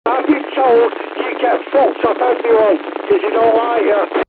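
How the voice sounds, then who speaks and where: A woman's voice: fairly high pitch, steady tone, measured pace, noisy background. Manchester woman on cb radio, tinny and staticky, swearing and needling, keeps saying the same insult over and over. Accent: Mancunian. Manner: crude, taunting, repeats insults. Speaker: CB radio operator. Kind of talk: abusive radio banter.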